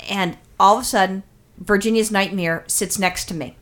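A woman's voice: mid-range voice, fairly even intonation, moderate pace, fairly bright tone. A woman telling a rambling story in casual chat with her co-host, swearing freely and talking animatedly. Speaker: podcast co-host.

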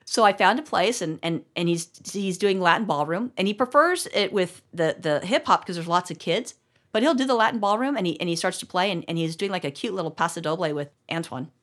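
A woman's voice: fairly low pitch, lively intonation, brisk, fairly bright tone. Woman, podcast co-host, casual chat, profane, rambling storyteller.

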